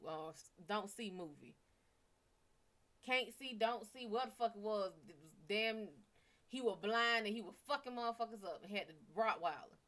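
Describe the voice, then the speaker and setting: Bright-voiced woman with a Cajun lilt. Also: mid-range voice. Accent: Cajun-tinged. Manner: profane, rambling, laughing asides. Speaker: livestream psychic reader. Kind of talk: casual livestream chat.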